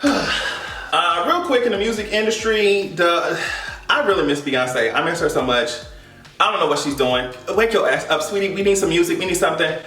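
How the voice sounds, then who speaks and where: A man giving sassy, animated pop culture commentary, swearing freely and laughing often. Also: high voice, normal speed, faint music behind. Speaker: vlogger. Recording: echoey room, mic at a distance.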